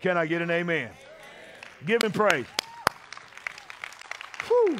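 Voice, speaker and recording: A man preaching a sermon to his congregation, calling for amens and building to shouted peaks. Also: high voice, wildly swooping pitch, takes it slowly, long pauses, crowd noise, background noise. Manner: call-and-response preaching, rising to shouts at climaxes. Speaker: pastor. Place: church sanctuary with congregation.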